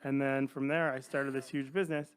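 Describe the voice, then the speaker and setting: A middle-aged man on a podcast, casually telling an animated story and acting out the other people's lines. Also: mid-range voice, brisk, clear, resonant tone. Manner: animated anecdotes, acts out quoted voices. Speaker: podcast guest.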